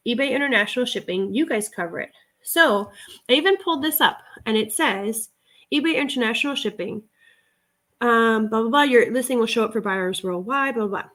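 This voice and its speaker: A middle-aged woman hosting a casual reseller livestream, ranting in a chatty, animated way and acting out her exchanges with others. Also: a little high. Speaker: online reseller livestream host.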